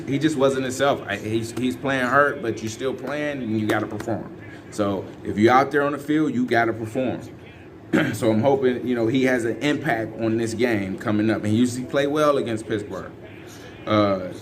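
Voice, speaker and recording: A man's voice: mid-range voice, slight background noise. A man, giving loose, rambling and emphatic fan commentary on his team. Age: 50s. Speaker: sports fan vlogger. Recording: faint music underneath.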